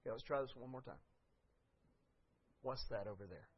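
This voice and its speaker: A preacher voicing a gentle, coaxing God. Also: male voice, mid-range voice, normal speed, pitched below the performer's own voice, natural voice. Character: God, a patient, coaxing male deity. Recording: dull lo-fi recording.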